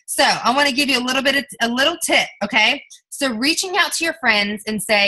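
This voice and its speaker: Young woman team leader, peppy pep-talk coach on a video call, bright and slightly high. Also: a little fast, hardly any pauses, low-quality recording. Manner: upbeat, coaxing, role-plays scripted pitches to friends. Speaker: network marketing team leader. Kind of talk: motivational sales coaching on a group video call.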